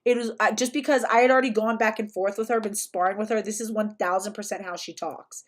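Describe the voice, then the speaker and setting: A woman's voice: medium pitch, steady tone, quick pace. A young woman hosting a casual livestream, talking in a chatty, sarcastic way with lots of "like" fillers. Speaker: livestream host.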